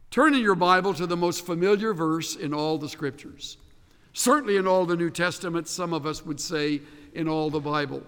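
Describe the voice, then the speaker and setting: Male pastor preaching, high voice, long reverb of a big hall, emphatic, voice sinks quiet at the end of phrases. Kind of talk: sermon.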